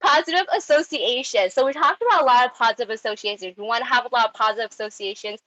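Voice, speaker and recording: A young woman giving a casual online talk on dog training, chatty and animated, with many ums and likes. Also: on the high side, fast, no echo, dull audio.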